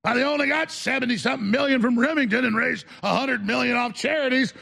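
A man hosting a talk show, ranting to viewers in a combative, mocking way, breaking into shouts and stammering restarts when worked up. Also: very high-pitched, fast talker, gravelly.

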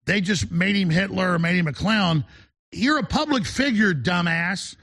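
A man hosting a talk radio show, urgent and emphatic as he pitches and interviews. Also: lively intonation, unhurried, fairly bright tone. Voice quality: gravelly, husky.

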